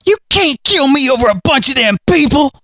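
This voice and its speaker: A man voicing a cornered, vicious hillbilly who shrieks in a shrill, screeching voice. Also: animated, fairly quick, bright, forceful tone, dry recording, clean studio sound, exaggerated voice. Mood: shrieking.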